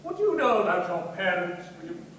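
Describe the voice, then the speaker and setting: An actor playing a fussy, formal family solicitor on a theatre stage. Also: male voice, high-pitched, very animated, a little fast, a bit bright, a little hiss or hum. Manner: formal, precise. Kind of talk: live stage musical dialogue. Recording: echoey theatre from far off.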